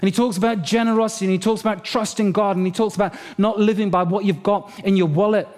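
A middle-aged man preaching a sermon as pastor, telling a story in a lively, humorous way. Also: sits high, quick pace.

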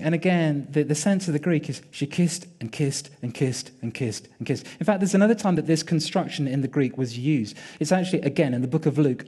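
A male preacher retells a story with vivid, dramatic storytelling, leaning on repetition and pauses. His voice runs high and husky. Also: mellow. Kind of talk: sermon storytelling.

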